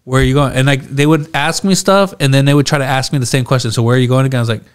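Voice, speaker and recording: Rambling man telling a story, smooth voice. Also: medium pitch, very fast. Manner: rambling, animated retelling with many "like"s and acted-out quotes. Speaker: podcast co-host. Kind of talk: casual storytelling chat.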